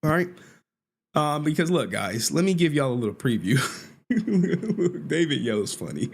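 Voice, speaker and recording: Laughing, animated male streamer. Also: fairly high pitch, measured pace, gravelly, breathy edge. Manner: laughs often, jokey, swears casually. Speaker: streamer host. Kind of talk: casual livestream commentary.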